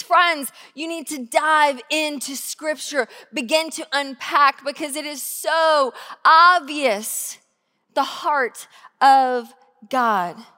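High-voiced woman pastor preaching in a hall. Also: sharp tone. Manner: earnest, conversational preaching with slow emphatic phrases. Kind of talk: sermon. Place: church sanctuary.

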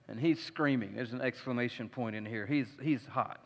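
A man preaching a sermon as pastor, telling a story with animated delivery and acting out its characters. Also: medium pitch, moderate pace, vocal fry, few pauses. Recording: long reverb of a large hall.

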